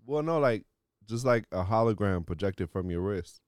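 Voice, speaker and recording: A man's voice: lowish voice, lively intonation, normal speed, a little mellow, clear, resonant tone, no room sound, studio quality. A man co-hosting a podcast in casual chat, goofy and often giggling. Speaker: podcast co-host.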